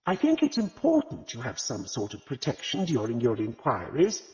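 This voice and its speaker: A man voicing a calm, earnest vicar's wife. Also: medium pitch, normal speed. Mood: cautioning. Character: gentle, sensible vicar's wife. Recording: reverberant, slightly dull audiobook recording.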